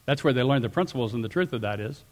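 A middle-aged man preaching a sermon, animated, swinging between loud emphatic rises and quiet asides. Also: mid-range voice, racing. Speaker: pastor.

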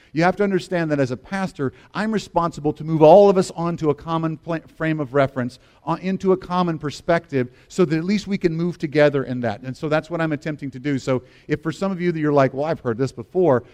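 A man's voice: fairly high pitch, darkish tone. A man in his fifties, a pastor preaching a sermon in an earnest, conversational way, often restarting his sentences. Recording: long reverb of a large hall.

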